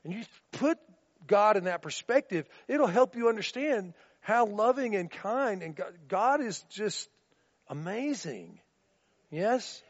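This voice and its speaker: A man's voice: sits high, lively intonation, takes it slowly. A man preaching a sermon in a conversational way, often checking in with listeners by asking "right?", on a dull recording with long reverb in a large room.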